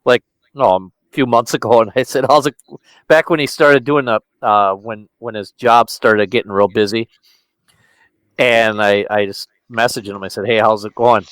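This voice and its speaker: A man co-hosting a podcast, telling a story in a casual chat with lively, animated delivery. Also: moderate pace, clean tone, no room sound. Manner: animated storyteller, mimics with high squeaky blah-blahs. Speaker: podcast co-host.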